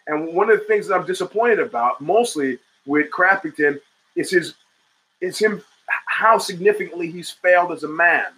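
Bright-voiced rambling male talk host. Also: high-pitched, expressive, moderate pace, poor audio. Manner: rambling, profane, reads chat and answers it. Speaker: podcast host. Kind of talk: casual talk show monologue.

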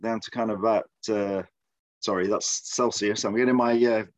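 A man's voice: fairly low pitch, steady tone, normal speed, no echo. A man with an English Midlands accent co-hosting a podcast, chatting casually with lots of fillers and restarts. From Midlands, England. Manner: hesitant, many fillers and restarts. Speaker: podcast co-host. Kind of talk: casual chat. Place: lives in Texas.

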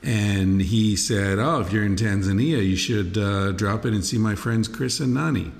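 A man hosting his own podcast, talking in a rambling, relaxed way with many fillers. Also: fairly low pitch, moderate pace, creaky, in a large hall. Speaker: podcast host. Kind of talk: casual podcast monologue.

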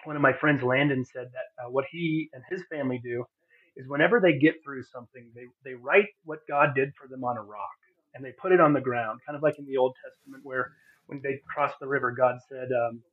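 A man's voice: medium pitch, fairly quick, husky. A man sharing an earnest, heartfelt personal testimony as a podcast guest. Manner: earnest, heartfelt, many fillers and restarts. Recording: phone-like narrow sound.

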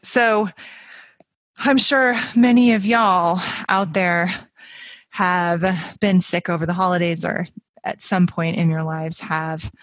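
A woman chats easily about a poem, her voice sitting low. She talks in a relaxed, unscripted way, and the recording is close and dry. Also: takes it slowly, dry recording. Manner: chatty and warm-hearted, with frequent ums and uhs. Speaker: podcast host. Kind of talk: casual poetry commentary.

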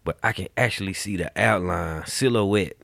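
A man co-hosting a podcast, chatting in a relaxed, casual way. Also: deep voice, moderate pace, vocal fry, dry recording. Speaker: podcast co-host. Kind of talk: casual chat.

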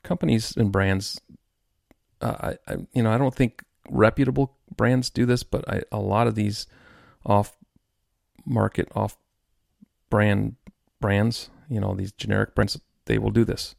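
A man's voice: on the low side, steady tone, measured pace, gravelly, darkish tone, no echo, clean studio sound. A man hosting his own podcast, ranting in a frustrated, rambling way with many restarts. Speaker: podcast host. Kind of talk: solo podcast rant.

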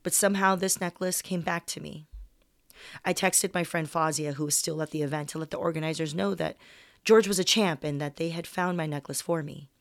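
Young woman comedian, lowish voice, dry close sound; reads her own story candidly, unedited, in one take. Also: steady tone, brisk, creaky, dry recording. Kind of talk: reading a personal story aloud.

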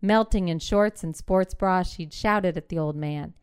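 A woman reading a short story aloud in measured, clipped phrasing. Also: lowish voice, clear, resonant tone. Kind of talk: literary fiction reading.

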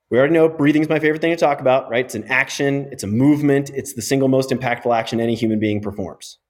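A man's voice: medium pitch, darkish tone. Middle-aged male physio guest, emphatic explainer, interview podcast.

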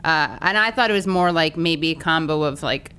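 Woman cohosting a podcast, smooth clear voice, a bit low, wry jokey asides. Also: normal speed, bright, forceful tone. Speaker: podcast co-host. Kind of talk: casual podcast chat and reading a letter aloud.

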